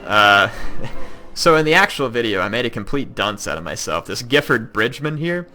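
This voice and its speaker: A man's voice: mid-range voice, very animated, moderate pace, pushed and bright, soft background music. A man from Kentucky with a Southern US accent, rambling through casual let's-play commentary with plenty of ums and likes. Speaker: gaming YouTuber.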